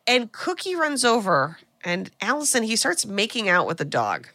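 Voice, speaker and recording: A woman co-hosting a podcast, recapping a film in an animated, casual chat full of asides. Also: fairly high pitch, moderate pace, no echo. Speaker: podcast co-host.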